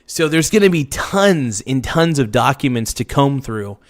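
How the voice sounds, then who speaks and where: A man hosting a casual livestream, slangy and hyped as he thanks subscribers, his voice slightly hoarse. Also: mid-range voice, lively intonation, measured pace, no echo, studio quality. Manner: hypes subscribers, slangy and loose. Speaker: livestream host.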